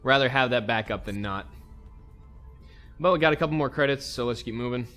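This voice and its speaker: A man's voice: medium pitch, a little fast, fairly bright tone, faint music behind. Easygoing man narrating his gameplay. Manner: easygoing, thinks aloud while playing. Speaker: let's play host. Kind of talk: casual gameplay commentary.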